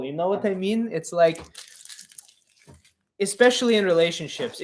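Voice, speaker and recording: A man in his thirties hosts a live comedic advice stream, with a fairly high voice. He keeps a deadpan persona with broken English. His delivery rambles, full of fillers and restarts.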